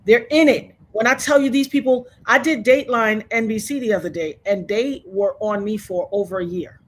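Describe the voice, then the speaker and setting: A woman's voice: fairly high pitch, moderate pace. A woman guest in an interview, talking in an outspoken, emphatic way. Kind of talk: animated interview talk.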